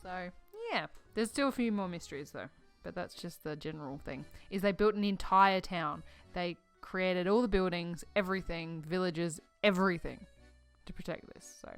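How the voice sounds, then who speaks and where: A woman's voice: lowish voice, normal speed, clean tone, soft background music. Woman rambling through a puzzle game. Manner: rambling, trails off with fillers. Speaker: let's-play host. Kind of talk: casual game commentary.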